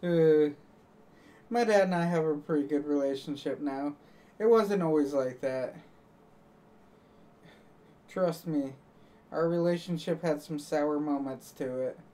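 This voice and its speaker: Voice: medium pitch, unhurried, pauses often, dark tone, recorded from a distance. A live streamer chatting casually to viewers, rambling and joking, laughing at their own jokes.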